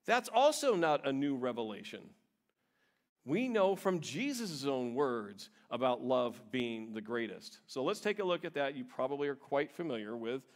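A man, a pastor, preaching a sermon in a church in a conversational, explaining way, stressing key words. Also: a little high.

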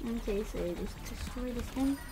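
A woman giving casual gameplay commentary, excitable and trash-talking, with lots of "literally" and "like". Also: a little high, moderate pace. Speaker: gamer. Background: game music.

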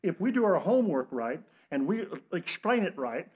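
An older man with an American Midwestern accent preaches a fervent sermon. His voice sits fairly high, rising to loud exhortation and dropping to hushed asides. The church recording sounds dull and lo-fi. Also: sing-song, normal speed. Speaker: pastor. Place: church sanctuary.

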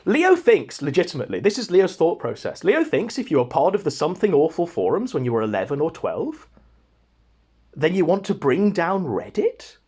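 Mocking man ranting, high lively voice. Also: normal speed, breathy edge. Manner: mocking, scornful. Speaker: podcast host. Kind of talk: casual ranting commentary.

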